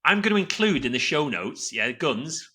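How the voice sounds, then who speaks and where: Man in his forties, bright forceful voice. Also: on the high side, very animated, moderate pace, husky. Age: 40s. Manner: rambling and chatty, with many restarts. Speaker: podcast co-host. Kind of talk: casual chat.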